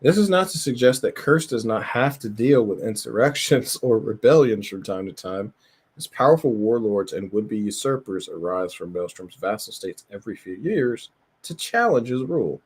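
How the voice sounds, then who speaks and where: A man with a fairly low, expressive, slightly mellow voice and a breathy edge talks at a moderate pace while streaming. He browses a tabletop game, chatting loosely and profanely, laughing often and rambling with plenty of filler words.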